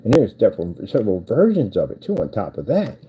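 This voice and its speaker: Deep-voiced man rambling while he builds. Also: huge pitch swings, quick pace, dark tone, low-quality recording. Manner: meandering, talks to himself while working. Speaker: vlogger building cardboard PC cases. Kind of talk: casual rambling chat while crafting. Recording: background noise with clicking.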